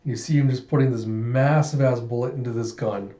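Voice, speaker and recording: Brief: man, casual comic readthrough, mellow voice, roomy slightly muffled recording. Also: medium pitch, a little fast. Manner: casual, excitable, laughs often. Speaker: comic reader.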